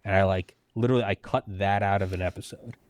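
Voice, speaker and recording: A man's voice: deep voice, quick pace. A man in his thirties, a podcast host, telling a story in casual conversation, swearing freely and acting out the people he quotes. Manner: animated, profane, acts out quoted people; frequent "like" fillers and restarts.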